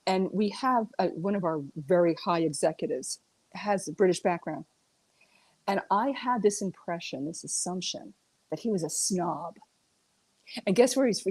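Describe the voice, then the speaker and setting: Woman correspondent; lower voice, lively chatty storyteller, dry close mic. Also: normal speed, husky, no room sound. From United States. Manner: animated storyteller, laughs a lot. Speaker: regular correspondent. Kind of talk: casual chat.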